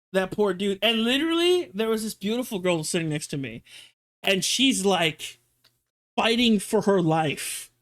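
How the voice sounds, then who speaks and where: A man streaming, chatting casually and telling a story in an animated, exaggerated way with some swearing. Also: sits high.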